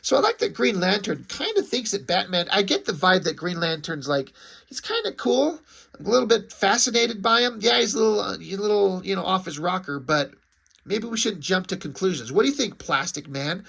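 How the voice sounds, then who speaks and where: A man's voice: high voice, sing-song, brisk, vocal fry, fairly bright tone, slightly rough. A man giving a casual, rambling spoken review of a comic book, with lots of filler words. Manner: rambling, uses lots of "like" and "you know".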